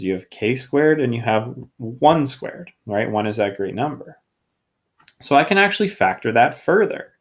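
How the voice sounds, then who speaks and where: A man teaching a math lesson, explaining each step as he works and often checking in with his students. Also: on the low side. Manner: thinks aloud while working problems. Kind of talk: recorded classroom lesson.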